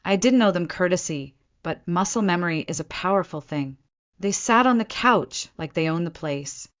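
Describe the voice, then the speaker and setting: A woman narrating a first-person story in a measured storytelling way, on a dull lo-fi recording. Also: lowish voice, expressive, fairly bright tone.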